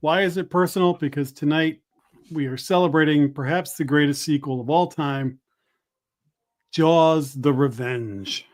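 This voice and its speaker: A man's voice: fairly high pitch, fairly even intonation, normal speed. A man hosting a horror movie podcast, talking in casual, jokey banter with his co-hosts. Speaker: podcast host. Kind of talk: casual comedy podcast chat.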